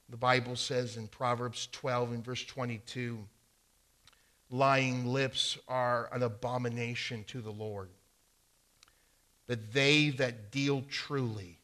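With a mid-range, fairly bright voice, a man preaches and reads passages of scripture. He repeats phrases for emphasis, his volume swelling and receding.

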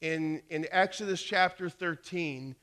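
A man's voice: fairly high pitch, unhurried, fairly bright tone. A male pastor giving a conversational sermon, telling stories with frequent restarts.

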